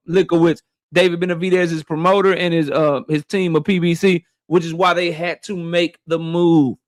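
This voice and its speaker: A man hosting a boxing livestream, shouting out viewers by name in loose, slangy casual talk. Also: sits high, dry recording, studio quality.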